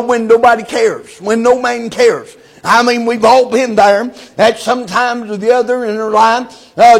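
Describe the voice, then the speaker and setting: A man preaching a sermon, in a chanting cadence full of "uh" fillers, sometimes shouting. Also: very high voice.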